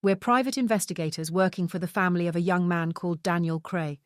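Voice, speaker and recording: A woman's voice: fairly low pitch, steady tone, fast, no room sound, studio quality, close to an everyday voice. A woman voicing a stern middle-aged man, a former police detective, who speaks firmly and in clipped sentences. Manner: firm and clipped.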